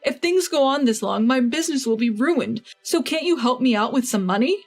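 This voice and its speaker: A man's voice: very high voice, a little fast, soft background music. A woman reading as a bullying older father-in-law. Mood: pleading. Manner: pleading then blustering.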